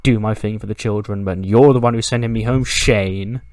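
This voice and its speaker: A man's voice: on the low side, fairly even intonation, normal speed, a little mellow, dry recording, natural voice. A breezy, entitled male wrestler who talks himself up, as a man quotes him offhand in nearly his own voice. The tone is casual and light. The sound is dry and close, with no room around it. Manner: offhand paraphrased quoting.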